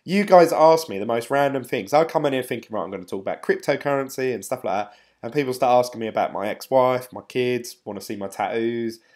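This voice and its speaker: A man's voice: mid-range voice, fairly quick, darkish tone. A middle-aged man hosting a casual live stream. He rambles in a chatty way and reads out viewer comments. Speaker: crypto YouTuber, live-stream host.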